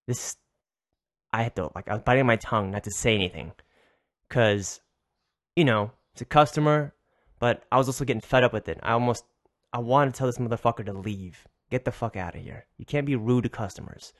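A male podcast host telling a casual, rambling story in an animated way, swearing freely and often restarting his sentences. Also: medium pitch, a little fast.

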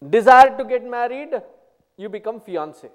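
A man giving a spiritual talk, telling stories and explaining terms one by one in an unhurried way. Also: extremely high pitch, big-room sound. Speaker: spiritual teacher. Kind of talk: spiritual discourse with anecdotes.

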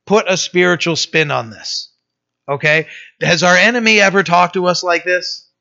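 A man preaching in a church, his voice bright and forceful and pitched a little high. He reads scripture and breaks into emphatic, chatty asides. The recording is dull and lo-fi. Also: normal speed, creaky. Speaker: pastor. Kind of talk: sermon with scripture reading.

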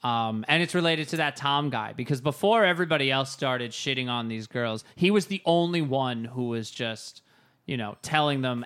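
A man co-hosting a casual podcast about a movie, animated and acting out quoted lines. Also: medium pitch, normal speed, clear, resonant tone. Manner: animated, acts out lines from the film. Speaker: podcast co-host. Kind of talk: casual chat reviewing a movie.

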